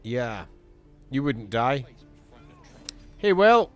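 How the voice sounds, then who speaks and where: Chatty, lively man playing a game. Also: medium pitch, drawn-out words, soft background music. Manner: chatty, amused, thinking out loud. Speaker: game streamer. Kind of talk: casual let's-play commentary.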